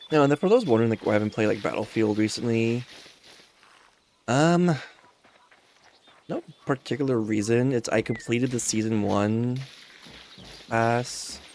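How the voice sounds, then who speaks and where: A man's voice: mid-range voice, measured pace, long pauses, a little mellow, slight background noise. A man streamer chatting casually while he plays a game, rambling and easygoing as he thinks aloud. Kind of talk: casual chat while gaming.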